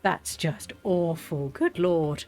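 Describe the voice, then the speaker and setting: A woman's voice: fairly low pitch, takes it slowly. A woman hosting a game video, chatting casually and animatedly, often cracking up with laughter. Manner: giggly, animated, easily cracks up. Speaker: gaming video host. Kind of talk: casual gameplay commentary.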